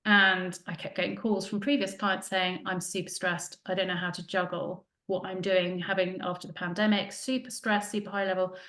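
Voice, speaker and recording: A woman, a podcast guest telling her story in casual, animated talk and acting out what people said. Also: on the low side, normal speed, few pauses. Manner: chatty, animated, acts out quoted dialogue. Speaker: podcast guest, joy coach. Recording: roomy echo.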